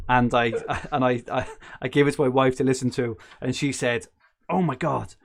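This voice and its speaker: Chatty podcast host. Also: male voice, mid-range voice, steady tone, moderate pace, creaky, a little hiss or hum. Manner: chatty, laughing often, with frequent restarts. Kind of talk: casual chat.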